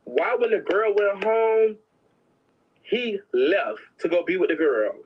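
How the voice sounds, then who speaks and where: A woman's voice: medium pitch, big pitch swings, takes it slowly, slight background noise. A woman telling prison stories in a casual, sassy, dramatic way, slipping into other people's voices. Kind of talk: casual storytelling. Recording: dull lo-fi sound.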